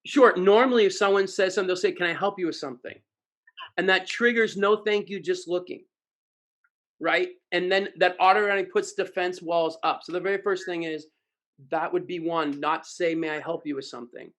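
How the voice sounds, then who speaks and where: A man with a notably high voice tells a story in a playful, self-mocking way. He acts out the other people's lines as he goes. He is speaking over a video call. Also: fairly quick, fairly bright tone. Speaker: sales trainer speaking at an online expo.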